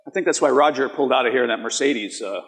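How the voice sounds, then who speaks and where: A man's voice: mid-range voice, racing, fairly bright tone. A man giving a conference presentation, walking an audience through live polls in a conversational way and often asking them rhetorical questions. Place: conference hall. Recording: long reverb of a large hall.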